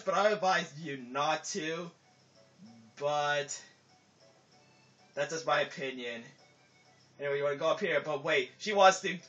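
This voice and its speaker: Casual, rambling gameplay commentary comes from a man whose voice is a little high, pushed, and bright. The let's play commentator fills the air with filler words and often trails off mid-sentence, recorded dull and lo-fi over game music.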